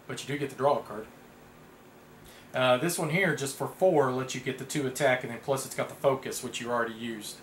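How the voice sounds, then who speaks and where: A man casually playing a tabletop card game, reading card text aloud with bursts of excited outcries. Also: medium pitch, brisk. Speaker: board game player. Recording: echoey room with background noise.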